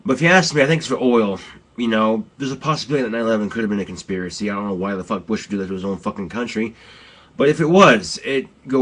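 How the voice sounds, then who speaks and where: A man ranting bluntly and profanely in a casual, rambling vlog. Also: fairly low pitch.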